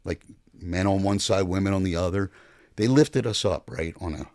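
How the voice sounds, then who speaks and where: An older man, a podcast guest, telling stories in a blunt, profane, animated way. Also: deep voice, normal speed, no echo, studio quality. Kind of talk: casual storytelling chat.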